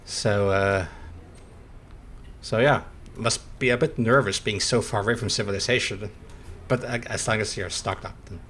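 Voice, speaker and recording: A man's voice: on the low side, steady tone, moderate pace, a bit bright, a little hiss or hum. A man streaming a video game, chatting in a rambling, hesitant way and chuckling between thoughts. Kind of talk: casual gameplay commentary.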